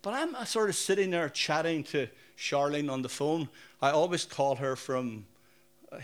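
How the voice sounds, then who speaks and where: A man's voice: fairly high pitch, normal speed. An older man from Northern Ireland with a Northern Irish accent, preaching a sermon in a chatty, storytelling way and often asking the audience questions. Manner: conversational, anecdotal, asks the audience questions. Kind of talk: sermon with personal stories.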